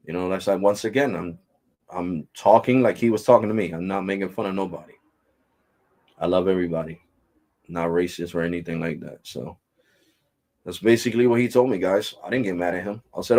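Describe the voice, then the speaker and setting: A man with a low voice talks straight into the camera as a tech vlog host. He rants bluntly and casually, peppering his talk with street slang. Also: a little fast, a little mellow.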